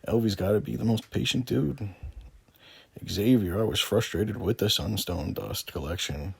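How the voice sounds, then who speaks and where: Man, low husky voice, mocking call-out commentary, dry close sound. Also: normal speed, no echo. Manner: sarcastic, taunting, swears often. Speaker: gaming video creator. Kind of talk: mocking call-out commentary over screen recording.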